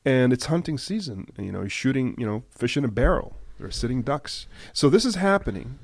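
A man giving impassioned news commentary, emphatic at times and dropping to a hushed, grave tone. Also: medium pitch, big pitch swings, fairly quick, vocal fry, no echo. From United States.

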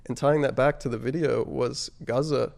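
A man telling his personal story as an interview guest, halting and reflective, often pausing on fillers and dropping his voice on emotional points. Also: mid-range voice, steady tone, gravelly, darkish tone. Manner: halting and reflective, frequent "like" and "you know" fillers.

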